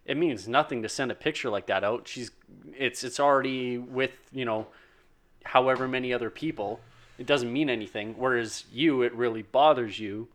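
A man co-hosting a relaxed conversation, thinking out loud. His voice sits at a middle pitch. He often restarts his sentences and repeats a word before going on. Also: moderate pace. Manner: reasoning, repeats words as he starts. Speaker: podcast co-host. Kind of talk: casual chat.

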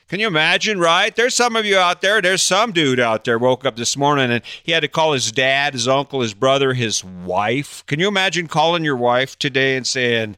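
Older male vlogger: bright, crisp voice, dry close sound, teasing and sarcastic, rambles. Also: mid-range voice, a little fast, hardly any pauses, no echo. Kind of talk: casual monologue to camera.

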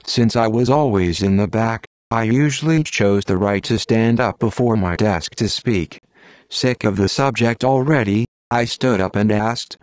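A man giving a plain, steady first-person audiobook narration of literary fiction. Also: medium pitch, measured pace, no echo.

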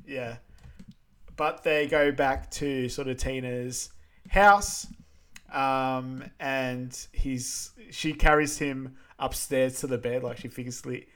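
A man co-hosting a podcast, chatting casually in a relaxed way, with plenty of fillers and laughing along. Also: mid-range voice, slow. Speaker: podcast co-host. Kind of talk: casual chat.

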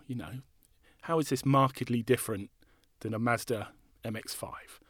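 A man's voice: medium pitch, normal speed, a bit bright, no room sound. A man co-hosting a car podcast, with a dry, teasing manner. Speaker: podcast co-host. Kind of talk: casual car podcast chat.

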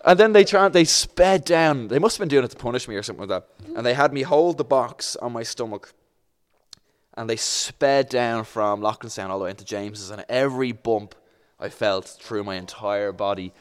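A man's voice: mid-range voice, normal speed, clean tone. Young dublin guy telling a wild story on a podcast, acts out all the voices. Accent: Irish, Dublin. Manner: animated, acts out voices in his anecdote. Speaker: podcast guest. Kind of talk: casual storytelling.

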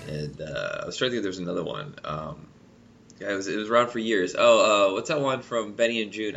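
Man, congested from a cold, very low voice, bright tone, casual music chat, faint music behind. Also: expressive, brisk, vocal fry, muffled recording. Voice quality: normally nasal voice. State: congested from a cold, deeper than usual.

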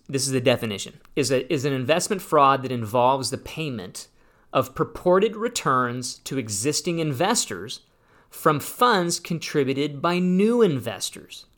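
Guy in his 40s hosting a retirement money show, gets worked up, sarcastic, middle pitch. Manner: animated, gets fired up, sarcastic asides. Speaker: retirement planning radio host. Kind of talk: casual solo talk show.

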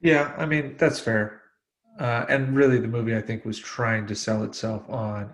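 A man's voice: mid-range voice, fairly even intonation, normal speed. Man wryly reviewing a movie. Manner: wry, dry joking, summarizes plot. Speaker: podcast co-host. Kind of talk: casual movie review chat.

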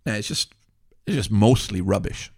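A man's voice: on the low side, animated, moderate pace, gravelly, a little mellow, slightly rough. A man in his sixties hosting a podcast, giving an indignant, wry commentary full of asides. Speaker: podcast host. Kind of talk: opinionated commentary monologue.

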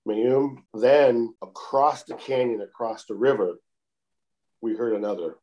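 A man calmly telling a long outdoor story in a casual interview, with many repeated "I said" tags. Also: medium pitch. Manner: calm, unhurried, repeats "I said" often.

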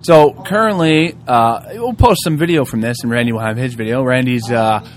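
A man's voice: mid-range voice, normal speed. A man co-hosting a podcast, giving joking play-by-play banter live at an outdoor eating contest. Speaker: podcast co-host. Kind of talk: casual live commentary.

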